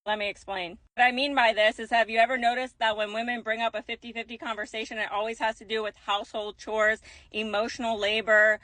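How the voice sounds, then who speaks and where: A woman's voice: on the high side, flat delivery, a little fast, bright, forceful tone, no echo. A woman delivering an emphatic, sarcastic rant to camera. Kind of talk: ranting monologue to camera.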